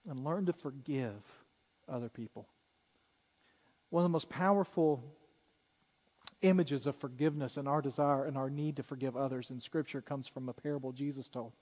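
A man preaching a sermon as pastor, earnest and direct, growing louder and quicker when he retells a story. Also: medium pitch, in a large hall.

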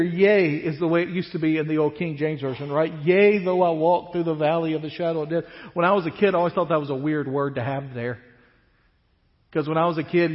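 High-voiced preacher in a reverberant hall. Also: male voice. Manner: animated preaching, drops to a hush at phrase ends. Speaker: pastor. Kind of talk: sermon. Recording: dull reverberant church hall.

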